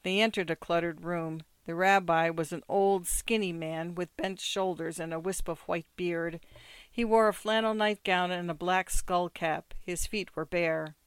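A reader narrating a short story as an audiobook, measured and steady. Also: medium pitch, smooth, dry recording.

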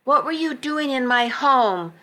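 A woman voicing a zealous, furious mother who shouts imperiously, reading a story aloud. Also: high voice, animated, measured pace, pitched above the performer's own voice, full character voice. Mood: outraged.

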